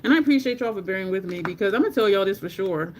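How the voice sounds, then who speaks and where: A woman's voice: mid-range voice, animated, racing, a little hiss or hum. A teary woman, chatting candidly on a makeup livestream, swearing casually and thanking viewers in chat. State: teary, near crying.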